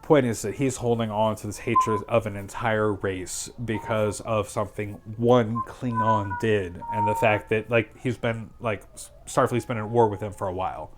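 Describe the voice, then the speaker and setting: A man's voice: on the low side, steady tone, background noise. Sarcastic, rambling man chatting. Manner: sarcastic, rambling plot retelling with quick quoted asides. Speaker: streamer host. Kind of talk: casual chat.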